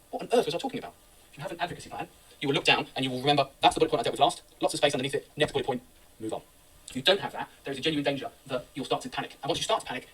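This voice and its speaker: A middle-aged man giving a brisk, anecdotal law lecture to students, recorded from a distance. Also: a little high, a bit bright, breathy edge. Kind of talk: classroom lecture.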